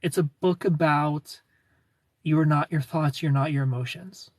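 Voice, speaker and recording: A man in his thirties chats casually on a livestream, answering viewers as he goes. His voice is husky and a bit breathy and sits a little higher than most men's. He rambles, restarts his sentences and chuckles often, and he sounds slightly back from the phone mic in a dry space. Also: steady tone, measured pace, darkish tone, far from the mic.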